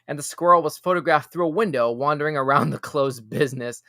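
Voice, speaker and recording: A man hosting a live news reaction stream. He reads weird news items aloud and breaks off for quick jokes and asides, often tripping over and repeating his words. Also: mid-range voice, no echo, clean studio sound. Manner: stumbles and repeats words when excited. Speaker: show host.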